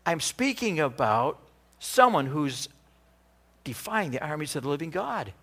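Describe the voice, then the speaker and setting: A man's voice: a little high, big pitch swings, a little slow, a bit bright, full character voice. A man voicing a bold young shepherd who protests in disbelief. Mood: indignant.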